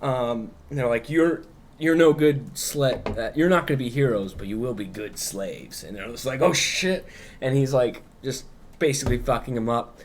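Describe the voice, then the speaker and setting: A man's voice: mid-range voice, expressive, normal speed, slight background noise. A man co-hosting a podcast, loosely retelling a story in casual chat, swearing freely and acting out quotes. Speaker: podcast co-host.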